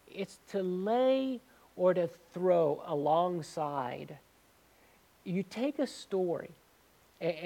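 A man's voice: sits high, gravelly. A man preaching as a pastor, conversational and asking his congregation questions. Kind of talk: sermon.

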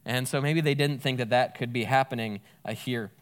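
A man's voice: mid-range voice, fairly quick, smooth. A man giving a casual, conversational Bible teaching, thinking aloud and correcting himself as he goes.

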